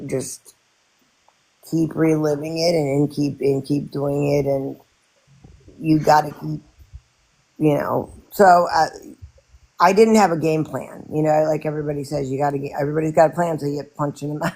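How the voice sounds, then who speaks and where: A woman talking casually in a live stream, telling her story in halting bursts with many restarts. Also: low voice, gravelly. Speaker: podcast host and widow.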